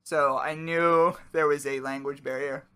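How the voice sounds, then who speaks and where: A man's voice: fairly high pitch, fairly even intonation, unhurried, a bit bright, clean tone. A man co-hosting a casual podcast, joking around and talking with his mouth full. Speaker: podcast co-host. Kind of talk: casual chat while eating.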